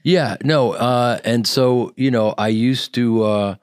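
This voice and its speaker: Lively storytelling man, dry studio. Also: mid-range voice, takes it slowly, smooth, no echo. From American Midwest. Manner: animated storyteller who acts out quoted people. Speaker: actor and comedian guest. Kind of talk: radio interview. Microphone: studio microphone.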